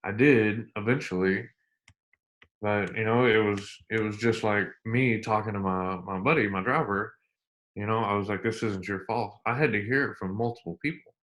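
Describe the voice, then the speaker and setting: Middle-aged man, low voice, earnest interview guest; repeats himself, slows for emphasis. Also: a bit bright. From United States. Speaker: interview guest, army veteran. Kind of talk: candid storytelling interview.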